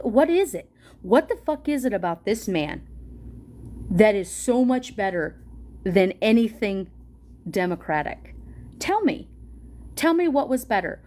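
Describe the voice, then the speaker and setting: A woman's voice: mid-range voice, darkish tone. A woman delivering an angry, profane political rant straight to her viewers, heated and confrontational. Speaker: political commentator reading a policy document aloud. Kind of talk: angry direct-to-camera rant.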